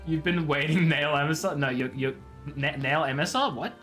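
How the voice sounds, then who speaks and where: A man's voice: on the high side, moderate pace, fairly bright tone, soft background music. A man chatting playfully with his viewers on a live stream, laughing often. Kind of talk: casual live-stream chat.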